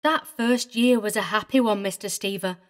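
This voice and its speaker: A woman's voice: mid-range voice, moderate pace, natural voice. A woman voicing a prim, tearful older female governess who speaks with fussy, indignant precision. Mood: earnest. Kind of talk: audiobook character reading.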